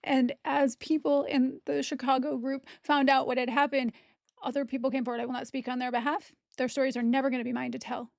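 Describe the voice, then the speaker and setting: A woman's voice: high voice, flat delivery, brisk, creaky, a little mellow, dry recording, studio quality. A woman content creator giving a personal testimony straight to camera, blunt, heated and profane.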